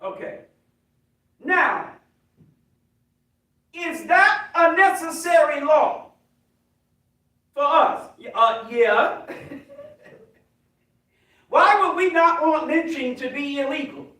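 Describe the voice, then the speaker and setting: A high-voiced American man preaches slowly and deliberately, calling out to his congregation and building to shouts. He sounds far from the mic in a very echoey hall. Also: expressive. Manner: emphatic, preaching, rising to shouts. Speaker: minister. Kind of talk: sermon with call and response.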